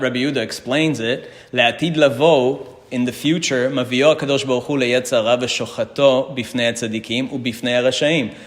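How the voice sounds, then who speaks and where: A man teaching a Talmud class, reading Hebrew and Aramaic passages aloud and explaining each one in English while putting questions to his students. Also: medium pitch. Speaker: Torah teacher. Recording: reverberant hall.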